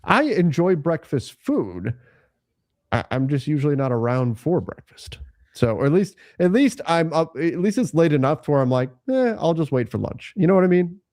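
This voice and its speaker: A man's voice: a little high, big pitch swings, moderate pace, darkish tone, no room sound, clean studio sound. A man co-hosting a live basketball draft show, chatting casually and laughing often. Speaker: podcast co-host.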